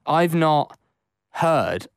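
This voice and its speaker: A man's voice: fairly high pitch, sing-song, very slow, gravelly, no echo, studio quality. A man with an English accent, co-hosting a casual sports podcast, chatty with lots of fillers and restarts. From England. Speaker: podcast co-host.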